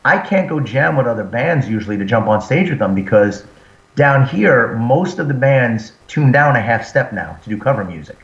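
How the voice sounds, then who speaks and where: A man in the middle pitch range tells lively stories about his singing, acting out what others said. His voice arrives muffled and roomy, as if caught far from the mic over a remote link. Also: normal speed. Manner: animated storyteller, acts out quotes. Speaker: band singer and frontman, guest. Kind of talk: casual interview chat. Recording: roomy, dull lo-fi sound.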